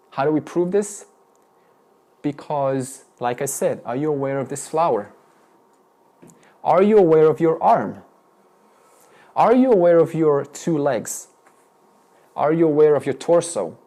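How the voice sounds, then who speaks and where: A man with a medium-pitched, dark-toned voice teaches an interactive spiritual lesson. As a Vedanta teacher, he fires questions at students and restarts frequently.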